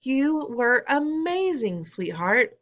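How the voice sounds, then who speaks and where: A woman voicing an excitable middle-aged father in a storybook reading, full of loud praise. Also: a little high, normal speed, creaky, highs cut off, pitched above the performer's own voice, full character voice. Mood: proud.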